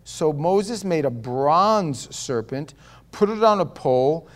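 A man preaching a sermon. He swings between loud, emphatic declarations and quiet, low asides, and he asks the congregation rhetorical questions. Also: animated, takes it slowly.

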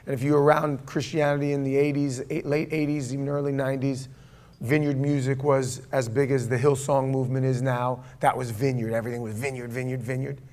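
A male pastor preaching in a church, his voice at an everyday middle pitch. He talks conversationally and keeps asking the congregation questions. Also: level tone, brisk, a little mellow. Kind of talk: sermon with opening prayer.

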